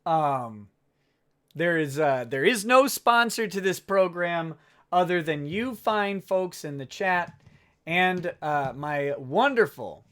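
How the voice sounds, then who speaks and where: Slow-talking sarcastic male streamer. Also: high-pitched, fairly bright tone. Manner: sarcastic, laughs often, self-mocking. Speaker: livestream host. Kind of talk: casual livestream chat.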